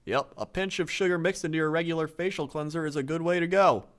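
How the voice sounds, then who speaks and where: A man's voice: on the high side, fast talker. A man co-hosting a comedy podcast, reading quirky news items and tips aloud as the straight man. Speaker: podcast co-host. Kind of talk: casual comedic banter, reading articles aloud.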